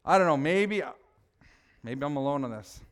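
A man preaching a sermon as pastor, animated and teasing, chatting with his congregation. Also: a little high, moderate pace.

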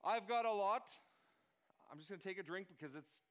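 A man's voice: high voice, fairly quick. A man preaching a sermon as pastor, talking earnestly and often restarting his phrases. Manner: earnest, repeats and restarts phrases, lists names.

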